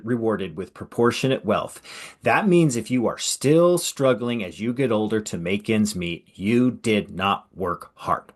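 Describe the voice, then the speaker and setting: Podcast host guy, voice swings up and down a lot, sarcastic, loves rhetorical questions. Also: medium pitch. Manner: animated, sarcastic, asks pointed rhetorical questions. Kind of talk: conversational podcast interview.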